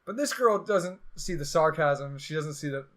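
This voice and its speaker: A young man hosts a podcast and tells a long story in loose, casual chat. His voice sits a little high, and he gets animated and sarcastic whenever he acts out what other people said. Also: moderate pace. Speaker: podcast host.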